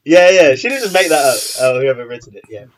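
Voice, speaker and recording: A man's voice: a little high, lively intonation, fast talker. A man, a podcast co-host chatting casually and animatedly. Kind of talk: casual chat.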